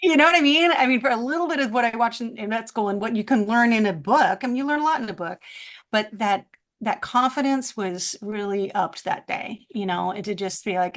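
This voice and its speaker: Woman vet guest, chatty and animated, acts out the voices in her stories. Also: a little high, brisk. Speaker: veterinarian guest. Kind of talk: casual podcast storytelling.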